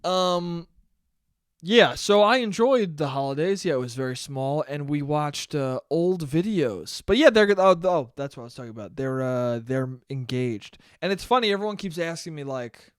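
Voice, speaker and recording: Animated, profane young man ranting solo. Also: moderate pace, smooth, no echo, clean studio sound. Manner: profane, animated, mimics relatives in shrill voices. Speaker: podcast host. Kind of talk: casual solo podcast rant.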